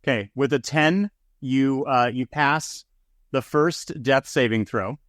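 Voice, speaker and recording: A man runs a tabletop game in a laid-back, easygoing way, stumbling over his own words and chuckling as he narrates. His voice is smooth and clear. The recording is close and dry. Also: mid-range voice, takes it slowly, fairly bright tone, no room sound. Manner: laid-back, chuckling, with many fillers and restarts. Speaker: game master. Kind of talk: running a tabletop game for a podcast.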